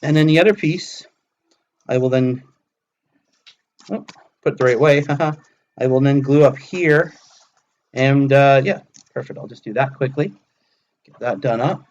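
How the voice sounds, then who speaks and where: A man's voice: mid-range voice, unhurried, long pauses, darkish tone, highs cut off. A man in his thirties casually streaming live from his hobby table at home, talking himself through each step as he builds. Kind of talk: casual live-stream commentary while crafting.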